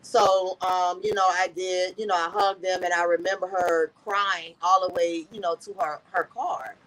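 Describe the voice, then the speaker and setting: A woman's voice: lowish voice, steady tone, normal speed, fairly bright tone, rough recording. A woman guest in an interview, earnestly telling a personal story and often repeating "I said" as she recounts conversations.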